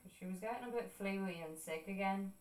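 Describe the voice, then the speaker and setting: A woman's voice: medium pitch, fairly quick, far from the mic. Chatty Irish woman streamer, roomy sound. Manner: chatty storytelling, swears freely, acts out quoted voices. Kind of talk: casual chat while drawing on stream. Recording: echoey room, voice a bit off-mic.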